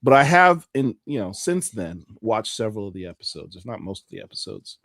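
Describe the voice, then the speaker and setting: A man in his forties hosting a casual podcast chat about comics news, talking in an animated, playful and emphatic way. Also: on the low side, fairly quick, gravelly, no room sound, studio quality. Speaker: podcast host.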